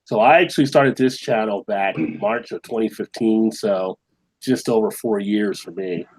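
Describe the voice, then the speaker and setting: A man's voice: fairly low pitch, normal speed, darkish tone, breathy edge, poor audio. A man hosting a casual beer live stream, chatting loosely, reading viewer comments aloud and laughing often. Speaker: beer channel host.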